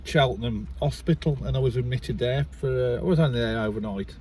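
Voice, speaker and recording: A man's voice: mid-range voice, fast talker, darkish tone, distant mic. A man telling a long story in casual chat, rambling and swearing freely, recorded inside a car. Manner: rambling, keeps restarting with "so anyway". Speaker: vlogger.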